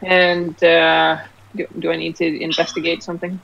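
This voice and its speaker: A woman's voice: on the low side, little pitch movement, normal speed, vocal fry, fairly bright tone, lo-fi sound. A woman playing a tabletop game, describing her moves hesitantly. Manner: hesitant, many fillers. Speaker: player.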